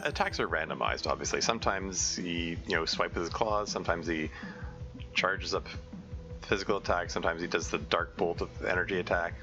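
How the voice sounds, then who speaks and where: A man's voice: low-pitched, muffled recording. A man streaming a game, narrating and thinking aloud in a chatty way with many fillers. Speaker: streamer playing a visual novel mod. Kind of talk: let's play narration and reading aloud.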